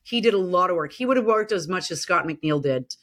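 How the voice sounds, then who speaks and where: Animated middle-aged actress telling stories. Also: female voice, lowish voice, a little fast. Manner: animated, acts out quoted voices. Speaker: actor guest. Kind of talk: casual interview storytelling.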